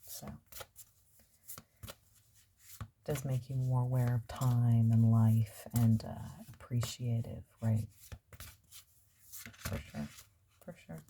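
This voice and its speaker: A woman's voice: extremely low pitch, fairly even intonation, very slow, gravelly, pauses often, background noise. A woman giving a casual tarot reading, musing aloud and trailing off with fillers as she turns over cards. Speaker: tarot reader.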